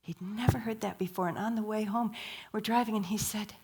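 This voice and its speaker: A woman's voice: medium pitch, fairly even intonation, fairly quick, a little mellow, slightly rough. A woman giving a sermon at a church, telling stories, asking the audience questions and dropping to a whisper for emphasis. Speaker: guest speaker.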